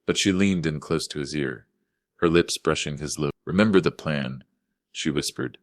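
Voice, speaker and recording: A man narrating a dramatic first-person story in a grave, forceful way. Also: a bass voice, normal speed, no echo, clean studio sound.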